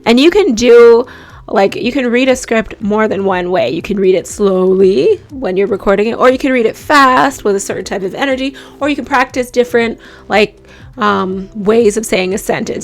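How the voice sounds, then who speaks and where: A young woman giving voice and microphone tips in a casual, chatty vlog, talking in an animated way with lots of likes and you-knows. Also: mid-range voice, normal speed. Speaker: voice-over and radio host giving tips.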